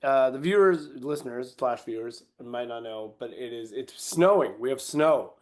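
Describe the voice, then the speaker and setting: A man's voice: medium pitch, moderate pace. A Canadian man co-hosting a podcast, joking and rambling through casual chat. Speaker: podcast co-host.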